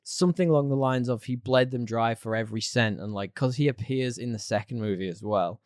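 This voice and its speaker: Chatty, animated male podcast co-host. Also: medium pitch, a little fast, no echo, clean studio sound. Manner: chatty, animated, laughs often. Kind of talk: casual chat.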